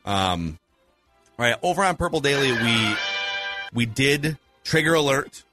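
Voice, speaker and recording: Over background music, a podcast host with a mid-range voice speaks animatedly at a measured pace. He runs a casual sports talk show, analytically laying out poll results and asking his co-host what he thinks.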